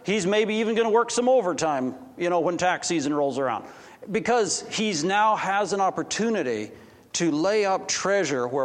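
A man preaching a sermon, telling a story and acting out dialogue with quick voice shifts. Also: high voice, long reverb tail. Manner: acts out dialogue with quick voice shifts, restarts often.

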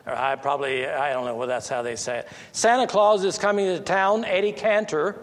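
An American man giving an informal teaching talk on faith, halting and full of restarts, rising in pitch when he presses a point. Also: steady tone. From United States. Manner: halting, many restarts and fillers, rises when stressing a point. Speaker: Christian speaker. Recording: long echoey reverb.

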